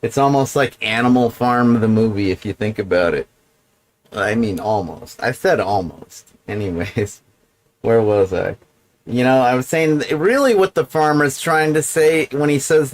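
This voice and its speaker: A man's voice: medium pitch, a little slow, poor audio. A man hosting a livestream, talking alone in a meandering, profane monologue full of digressions. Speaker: livestream host. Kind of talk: rambling solo livestream monologue.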